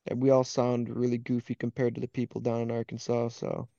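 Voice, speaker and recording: This laid-back podcast guest, a young hunting guide from Wisconsin with an Upper Midwest accent, laughs easily and acts out what people said to him during casual chat. His mid-range voice is monotone, brisk, gravelly and warm, captured with no room sound but muffled.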